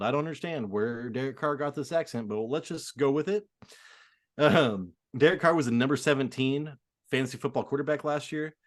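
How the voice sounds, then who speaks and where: Man chatting football, full of fillers. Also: medium pitch. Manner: filler-heavy, quick, opinionated. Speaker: podcast co-host. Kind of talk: casual sports chat.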